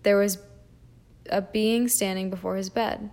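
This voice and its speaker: A woman reading a fairy tale aloud at a measured pace, with small slips and restarts. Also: mid-range voice, fairly even intonation, a little mellow. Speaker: audiobook reader. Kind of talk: storybook reading.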